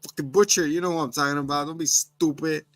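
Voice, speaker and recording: A man's voice: a little high, fairly even intonation, fast, fairly bright tone, dry recording, voice pushed up, natural voice, low-quality recording. A man voicing a menacing superhero father who accuses his son, speaking in a scornful tone. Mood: accusing.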